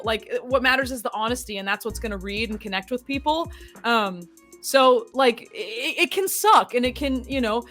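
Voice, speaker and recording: Young woman voice actress, podcast guest, bright and slightly high, animated and laughing, faint music behind. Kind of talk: casual podcast interview.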